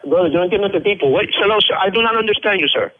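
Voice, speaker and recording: A man's voice: high-pitched, expressive, very fast, husky. Spanish-accented man on a phone line. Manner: mixes in Spanish, impatient and blustering. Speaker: restaurant worker on the phone. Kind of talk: phone call.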